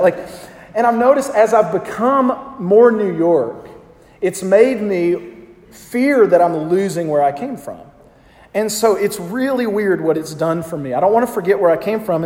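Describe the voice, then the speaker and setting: A man's voice: high voice, lively intonation, moderate pace, a little mellow. A man in his thirties with a Southern US accent, preaching a conversational sermon and calling out to the congregation. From American South. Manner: conversational storytelling with congregation call-outs. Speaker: pastor. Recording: echoey hall.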